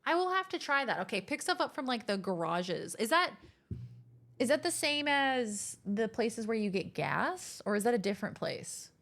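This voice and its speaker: A young adult woman streaming a game, chatting casually with her chat, excitable and easily rattled. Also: fairly high pitch, moderate pace.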